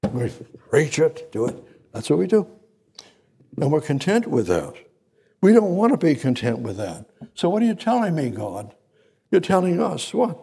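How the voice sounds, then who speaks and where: A man delivers a sermon with a gravelly, husky edge to his voice. His tone is mellow and dark, though he pitches a little higher than most men. He hammers his points home with repetition and sudden emphatic climbs. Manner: repetitive, emphatic preaching with sudden loud high rises. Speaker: preacher.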